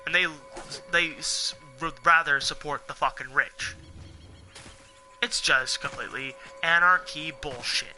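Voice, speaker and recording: With faint music playing behind him, a young gaming channel host unloads on his viewers in a rambling, heavily profane rant. His slightly high voice sounds pushed and bright, though his delivery is unhurried.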